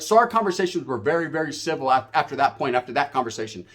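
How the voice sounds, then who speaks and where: A man's voice: mid-range voice, very animated, very fast, few pauses, a bit bright. A man casually telling a story from his time in prison, in profane street slang and with knocking sound effects. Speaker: storyteller recounting prison life.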